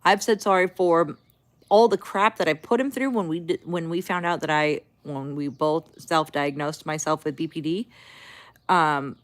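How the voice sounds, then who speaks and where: Woman streamer, low-ish voice, casual venting, exasperated. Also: moderate pace. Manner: talks back to chat. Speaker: livestreamer. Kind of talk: casual livestream chat.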